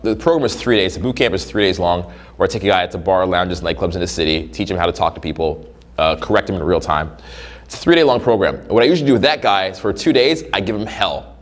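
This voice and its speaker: A man's voice: fairly low pitch, fast talker. A man talking as a dating coach in a casual, profane monologue, acting out little scenes in different voices. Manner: profane, animated, acts out scenarios in voices.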